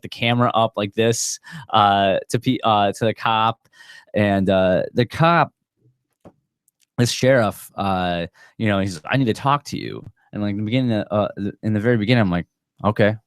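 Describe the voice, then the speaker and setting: Low-voiced man rambling with profanity. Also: moderate pace, clean tone, no echo, studio quality. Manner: rambling, profane, many fillers. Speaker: podcast host. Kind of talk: casual storytelling chat. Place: small podcast studio.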